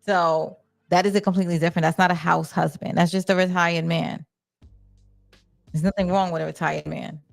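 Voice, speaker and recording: A woman's voice: fairly low pitch, steady tone, fairly quick, creaky, soft background music. A young adult woman, hosting a live chat, candid and blunt, reading viewer comments. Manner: candid, blunt, swears casually. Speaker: livestream host.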